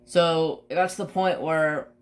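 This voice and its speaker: A man's voice: on the high side, fairly even intonation, measured pace. A man hosting a crafting channel, telling a long personal story in casual chat, swearing freely and restarting his sentences.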